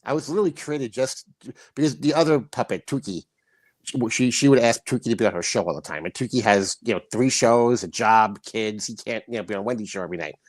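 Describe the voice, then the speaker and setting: A man chatting playfully on a livestream about puppets, now and then slipping into a high sing-song voice. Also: quick pace, no room sound. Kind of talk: casual chat on a livestream.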